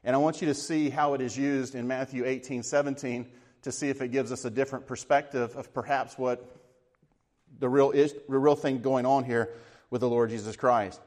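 A man's voice: mid-range voice, fairly even intonation, normal speed. Man preaching in a reverberant hall. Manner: earnest, reflective, with soft hushed stretches. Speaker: pastor. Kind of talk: sermon.

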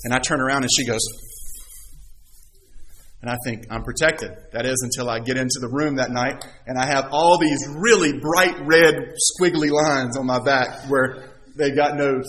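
A man's voice: mid-range voice, a bit bright, a little hiss or hum, rough recording. A middle-aged man, a pastor, preaching a sermon with stories, scripture readings and rhetorical questions.

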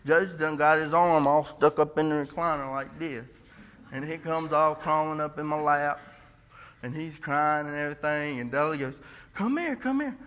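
A man's voice: a little high, little pitch movement, normal speed, fairly bright tone, smooth, in a large hall. A man giving an informal, earnest church sermon, reading scripture and often restarting his sentences. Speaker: lay preacher.

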